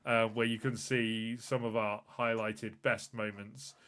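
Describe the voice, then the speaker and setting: A man's voice: fairly low pitch, little pitch movement, unhurried, a bit bright, clean tone. A man hosting a casual live podcast, rambling through a laughing, self-mocking sign-off. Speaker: podcast host and producer.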